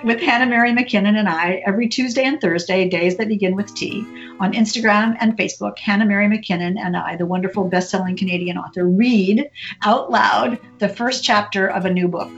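A woman author speaks in a casual interview, talking in an animated, chatty way and often restarting her sentences. Her voice sits in a middle range. The audio sounds dull and lo-fi. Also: medium pitch, fairly quick, faint music behind. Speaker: author and reporter guest.

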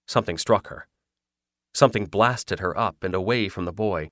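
A man narrating a ghost story in a measured, dramatic reading. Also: sits low, a bit bright, no echo, clean studio sound. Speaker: audiobook narrator. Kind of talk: scripted narration.

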